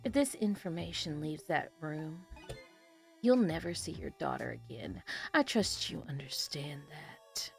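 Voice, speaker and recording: A woman voicing a calm, sinister male kidnapper on the phone, speaking low and measured while reading game dialogue aloud. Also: vocal fry, faint music behind, heavily acted. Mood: cold. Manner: low, hushed and measured menace.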